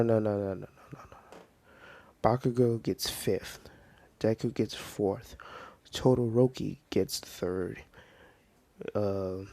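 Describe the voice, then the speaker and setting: A man casually telling a fan story off the cuff, rambling with lots of fillers, dropping into soft whispers now and then. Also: lowish voice, vocal fry, dry recording.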